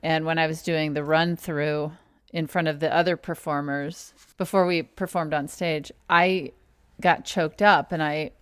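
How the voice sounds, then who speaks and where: A woman's voice: sits low, fairly even intonation, unhurried, clear, resonant tone, no room sound, studio quality. A woman co-hosting a casual chat, teasing her partner with playful questions. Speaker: podcast co-host.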